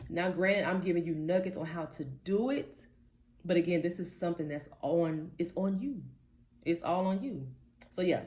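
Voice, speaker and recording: A woman life coach, her voice low and mellow, gives a motivational talk straight to camera. She speaks bluntly and casually to her viewers, going over her points again and again for emphasis.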